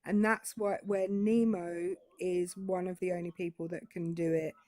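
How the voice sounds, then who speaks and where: A woman's voice: lowish voice, moderate pace, dry recording, clean studio sound. A British woman with a British English accent, explaining in casual panel chat. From Britain. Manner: explanatory, lively, talks it through.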